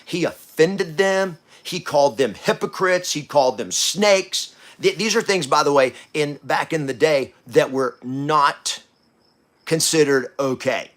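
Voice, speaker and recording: Male podcast host, fairly high voice, blunt preachy delivery, swings from hush to loud. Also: measured pace. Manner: coarse language, blunt. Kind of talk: motivational talk.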